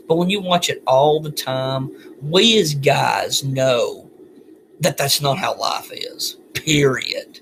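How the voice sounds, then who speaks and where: A man's voice: a little high, sharp tone, a little hiss or hum. A man venting alone at home at night, weary and bitter, sighing often. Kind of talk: venting monologue.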